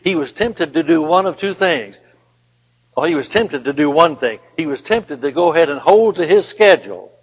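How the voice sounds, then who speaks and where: Husky male preacher in an echoing hall. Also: a little high, animated. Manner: emphatic, repeats key phrases and slows down for emphasis. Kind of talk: sermon with scripture reading. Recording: dull lo-fi recording in a reverberant hall.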